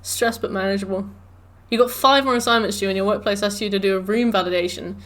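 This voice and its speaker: A woman's voice: mid-range voice, fairly even intonation, fast talker, a bit bright. Rambling woman streamer. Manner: rambling and chatty, full of "like" and "um". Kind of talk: casual chat with viewers while gaming.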